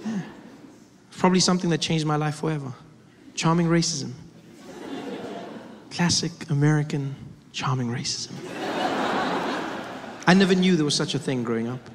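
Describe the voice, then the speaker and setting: A man from Africa, performing animated stand-up storytelling. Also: on the high side, moderate pace, long pauses, noisy background. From South Africa. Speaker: comedian. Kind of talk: stand-up comedy. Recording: live hall with loud crowd.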